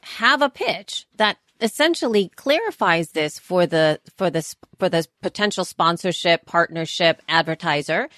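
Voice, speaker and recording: A woman's voice: on the low side, lively intonation, normal speed, hardly any pauses, fairly bright tone, no echo, studio quality. A woman co-hosting a podcast in casual chat, talking at length with frequent restarts. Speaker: podcast co-host.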